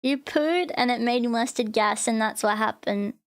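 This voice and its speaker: At normal speed, a VTuber with an Australian accent chats on her live stream, her high, bright voice clear and resonant. She rambles from idea to idea, uses "like" as a constant filler, and reads chat out loud while reacting.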